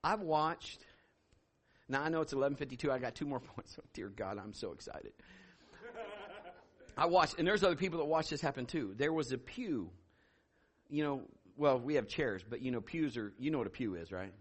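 A male pastor preaching a sermon, telling a story in an animated way and acting out what people said. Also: mid-range voice, moderate pace, breathy edge. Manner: animated, laughing, acting out quotes.

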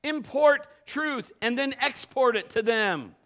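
A man's voice: very high-pitched, animated, takes it slowly, fairly bright tone. A middle-aged man preaching a live sermon in a church, emphatic and building to fervent exhortation. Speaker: pastor. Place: church service.

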